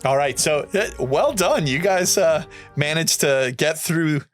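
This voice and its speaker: A man's voice: on the high side, expressive, measured pace, faint music behind. A man running a tabletop game as game master, laid-back, laughing often and using many fillers.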